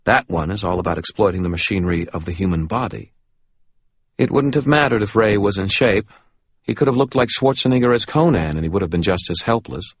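A man narrating a first-person audiobook in a low, slightly husky voice with a dry, matter-of-fact delivery. The recording is close and dry, with a dull lo-fi sound. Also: fairly quick, no room sound.

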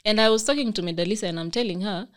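A woman's voice: mid-range voice, very fast, smooth. A young Kenyan woman with a Kenyan accent, hosting a casual podcast chat and explaining her points earnestly. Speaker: podcast host.

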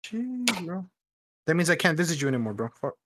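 A man's voice: on the high side, sing-song, brisk, background noise. A man hosting a casual podcast with friends from home over a call, laid-back and saying bro a lot. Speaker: podcast host. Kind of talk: casual chat among friends.

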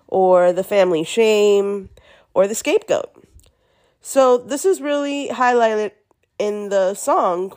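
A woman hosting a podcast alone, chatty with many fillers, her voice gravelly from being sick. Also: medium pitch, darkish tone. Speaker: podcast host. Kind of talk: podcast monologue.

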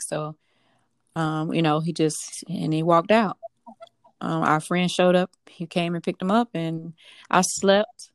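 Low-voiced young woman, hesitant storytelling. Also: no room sound, studio quality. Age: young adult. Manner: hesitant, halting, many fillers and restarts. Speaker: guest. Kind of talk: personal storytelling in a podcast interview.

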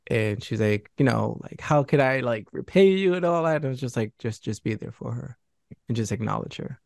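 A man as an interview guest, speaking earnestly and haltingly, often restarting his sentences. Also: mid-range voice, creaky, a little mellow, dry recording, studio quality. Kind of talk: candid interview conversation.

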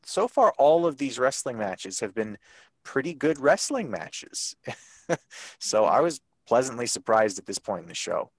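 A man's voice: medium pitch, sing-song, a little slow, slightly rough, dry recording. A man from Ontario with a Canadian accent, co-hosting a casual wrestling podcast and recapping the show with an easygoing, laughing manner. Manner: easygoing, laughs often, loose fillers. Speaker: podcast co-host.

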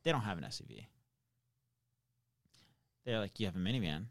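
Male podcast host, quick and lively anecdote teller, gravelly low voice. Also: dry recording, studio quality. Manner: animated, quick storytelling with swearing. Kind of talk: casual storytelling chat.

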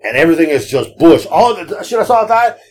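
Guy on a podcast rambling thru his stories, swears a lot, kinda high voice. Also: big pitch swings, quick pace, darkish tone, slight background noise. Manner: profane, rambling anecdotes; acts out quoted people. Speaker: podcast host and rideshare driver. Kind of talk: casual storytelling chat.

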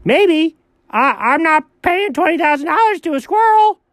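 A man doing a stammering forgetful man, high voice, very dry mic. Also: big pitch swings, normal speed, a bit bright, no echo. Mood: muddled. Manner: stammering, loses his words. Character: flustered forgetful man Alfred, sneaky and rambling.

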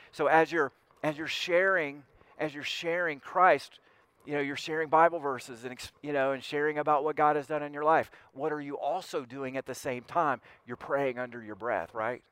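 A man's voice: fairly high pitch, a bit bright, no room sound. A male pastor preaching conversationally, restarting phrases and swelling on key points. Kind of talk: sermon.

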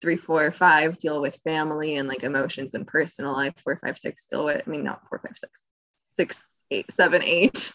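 A fairly low-pitched woman talks casually as a podcast co-host, chatty and quick to laugh, often wandering off on tangents. Her voice is close and dry, with almost no room sound around it. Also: steady tone, fairly bright tone, no room sound. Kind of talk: casual explanatory chat.

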